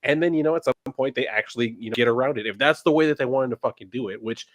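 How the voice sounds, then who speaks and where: A man's voice: mid-range voice, fast. A man co-hosting a casual pop culture chat, heated and ranting, swearing freely. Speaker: podcast co-host.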